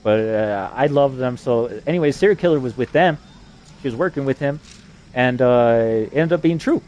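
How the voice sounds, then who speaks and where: A man's voice: mid-range voice, darkish tone. A man rambling through a personal story in a profane, casual way. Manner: profane, rambling, fast-talking.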